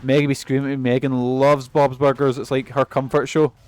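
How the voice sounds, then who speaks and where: A man's voice: mid-range voice, level tone, a little fast. A young man giving rambling, sweary commentary while he plays a game. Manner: rambling and sweary, laughs often. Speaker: streamer. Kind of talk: casual gameplay commentary.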